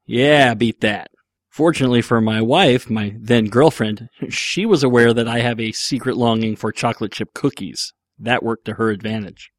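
A man's voice: mid-range voice, moderate pace, no room sound, studio quality. A man hosting a podcast, casually answering listener questions in a rambling, joking way with lots of fillers. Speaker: podcast host.

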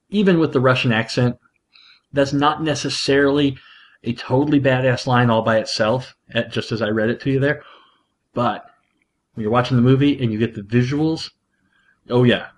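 A man hosting a podcast, talking casually and excitedly, often laughing and restarting his sentences. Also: medium pitch. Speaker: podcast host, father. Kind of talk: casual monologue.

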